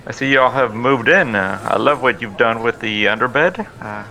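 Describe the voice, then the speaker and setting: A man speaking in character as a player in a tabletop game, polite and mock-formal with drawn-out fillers. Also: mid-range voice, sharp tone, rough recording. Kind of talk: in-character tabletop role-play.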